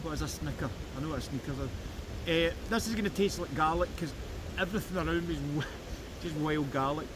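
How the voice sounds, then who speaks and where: A man's voice: fairly high pitch, a little fast. A Scottish man giving a jokey running commentary on his metal-detecting vlog, filmed outdoors in the woods beside a river. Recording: noisy outdoor recording with river. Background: flowing river.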